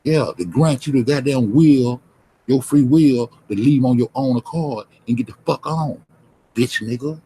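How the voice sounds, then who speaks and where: A man's voice: medium pitch, measured pace, dark tone, slightly rough, low-quality recording. A man, ranting profanely and confrontationally at his livestream chat. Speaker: livestream host.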